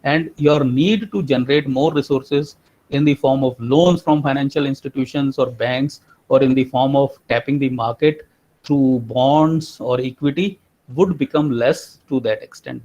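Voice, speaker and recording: A man's voice: mid-range voice, moderate pace, darkish tone. A man giving a finance lecture, explaining step by step, repeating key terms with frequent fillers. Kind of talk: recorded lecture. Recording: muffled lo-fi recording.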